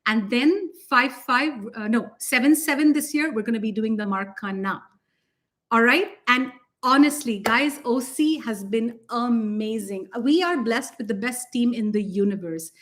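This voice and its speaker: A woman co-hosting a spiritual talk, gushing with excitement and laughing often. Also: on the high side, measured pace. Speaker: spiritual teacher and co-host. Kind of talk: casual chat.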